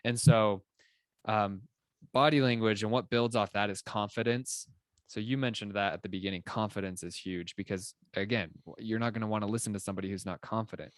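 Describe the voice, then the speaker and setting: A young adult man co-hosting a podcast, explaining ideas in an animated, casual way with plenty of filler words. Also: lowish voice, brisk, no room sound, clean studio sound. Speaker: podcast co-host. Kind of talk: casual conversational chat.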